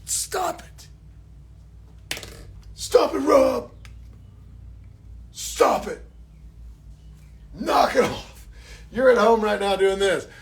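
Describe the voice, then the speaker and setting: A man putting on a squeaky nagging fan. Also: expressive, drawn-out words, gravelly, long pauses, slight background noise, heavily acted. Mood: exasperated. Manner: squeaky, shouty, exasperated nagging. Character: annoyed male fan scolding from home.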